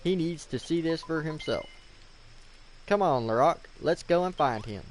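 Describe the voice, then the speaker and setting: A man's voice: a little high, lively intonation, normal speed, a little hiss or hum, voice pushed up, close to an everyday voice. Man putting on an earnest young healer woman. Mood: alarmed. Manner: dramatic, formal reading of game dialogue.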